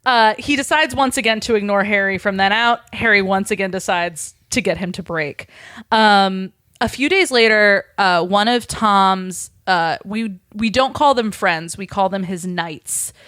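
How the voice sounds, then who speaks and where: A woman hosting a podcast, retelling a story in a rambling, casual chat full of fillers. Her pitch sits in a middle range. The sound is dry and close, with no room echo. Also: unhurried, a bit bright. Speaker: podcast host.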